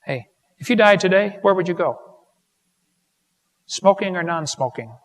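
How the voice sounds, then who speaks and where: A man's voice: sits high, expressive, unhurried, long reverb tail. A man preaching, joking with his audience before an earnest altar call. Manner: folksy, joking with the crowd, earnest pleading. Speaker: evangelist.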